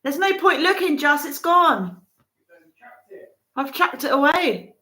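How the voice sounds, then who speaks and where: A woman's voice: high voice, very animated, slow pace, pushed and bright, rough recording. A woman chatting casually at home on a livestream, giggly and self-deprecating. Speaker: co-host partner.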